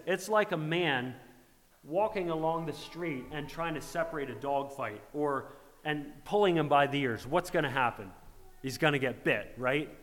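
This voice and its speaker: A man's voice: fairly high pitch, fairly bright tone. Man preaching in an echoing hall. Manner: retells scripture in dramatized voices, rhetorical questions. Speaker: pastor. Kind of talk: sermon. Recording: long reverb of a large hall.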